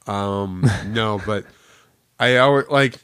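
A man's voice: lowish voice, slow pace, a bit bright, smooth, dry recording, studio quality. Laughing, filler-heavy podcast co-host man. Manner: laughs often, lots of "like" fillers. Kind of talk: casual chat.

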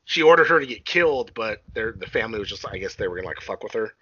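A man's voice: lowish voice, lively intonation, fast, sharp tone, breathy edge, dull audio. A man casually recapping a film on a podcast, rambling and swearing, often acting out quotes and laughing. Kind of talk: casual chat.

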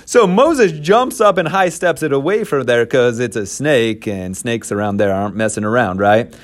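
A man teaching scripture through a casual, lively retelling. His voice sits in a middle range, and he mixes the story with relaxed asides to the listener. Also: medium pitch, normal speed. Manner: conversational, animated storyteller.

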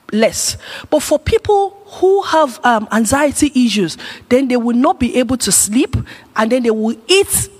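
A woman's voice: on the high side, darkish tone, husky. A woman giving a conversational teaching talk at a church gathering, putting questions to her audience. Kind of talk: teaching talk on emotional wellness. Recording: long reverb of a hall.

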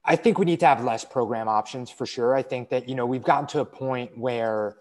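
A man's voice: medium pitch, a little fast, a little mellow. A man speaking as a guest in a casual interview, loose and rambling, with lots of "like" and "you know.". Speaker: fitness brand representative, guest.

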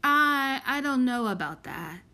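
A woman's voice: sits high, expressive, unhurried, pushed and bright, voice pushed up, heavily acted. A woman doing nervous orphan boy Plute. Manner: anxious, protesting, rough speech.

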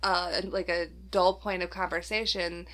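A woman's voice: lowish voice, a little slow. A young adult woman from Minnesota, co-hosting a casual chat and laughing often as she acts out little quotes. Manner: laughs often, animated quoting.

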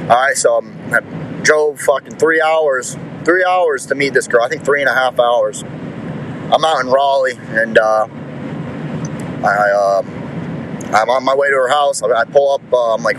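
A man's voice: mid-range voice, normal speed. Young man, casual storytelling, crude, rambling, lots of swearing, faint noise behind. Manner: crude, rambling, swears a lot with many restarts.

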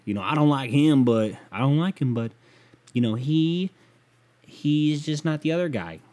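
A man's voice: on the high side, normal speed, mellow. A man hosting a casual solo podcast, rambling, profane and mocking as he rants. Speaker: podcast host.

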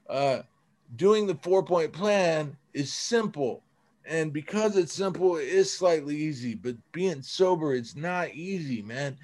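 Earnest man, fairly high voice. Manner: earnest, repeats "man" often. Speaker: podcast co-host in recovery. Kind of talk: personal recovery story, casual chat.

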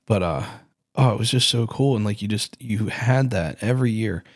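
Male podcast host in his thirties, deep voice, loose self-correcting storyteller, dry close mic. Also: moderate pace, dry recording. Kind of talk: casual solo podcast talk.

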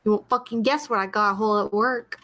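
A woman's voice: medium pitch, steady tone, brisk, fairly bright tone, low-quality recording. A woman co-hosting a talk show in casual chat, drawing out her words with gasps and giggles. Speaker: podcast co-host.

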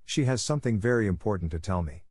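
A man's voice: lowish voice, animated, quick pace, darkish tone, husky, dry recording, studio quality. A man voicing an eager, chatty, imaginative young girl who gushes and pleads breathlessly. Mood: pleading.

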